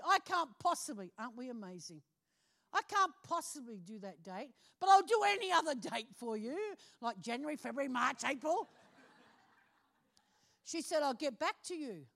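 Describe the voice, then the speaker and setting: High-voiced woman telling a lively testimony. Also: creaky. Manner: animated storytelling, acting out phone calls, laughing often. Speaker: preacher. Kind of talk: testimony from the pulpit.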